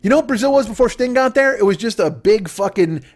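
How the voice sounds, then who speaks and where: A man's voice: high voice, expressive, fast. A man in his forties, a podcast host, delivering a rambling, profane comedic monologue that jumps from tangent to tangent. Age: 40s.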